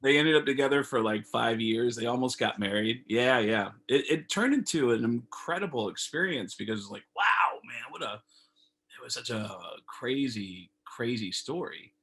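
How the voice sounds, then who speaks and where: A man, a comedian guest on a video call, telling stories in a casual, animated way and acting out phone calls. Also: mid-range voice, normal speed, husky. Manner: animated storyteller, acts out phone calls in raised voices.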